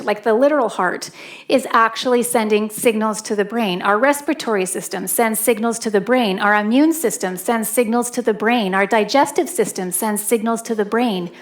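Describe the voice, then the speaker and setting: A middle-aged woman from Canada delivers a sermon from the church stage, holding a handheld microphone. Her voice sits a little higher than most, and she tells a personal story with animated expression, acting out gasps and cries as she goes. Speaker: pastor.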